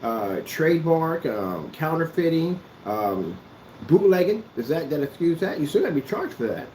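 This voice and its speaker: A man's voice: fairly high pitch, very animated, normal speed, a little mellow, slight background noise. Sarcastic man scolding into the camera. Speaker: vlogger. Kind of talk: confrontational address to camera. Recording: echoey room.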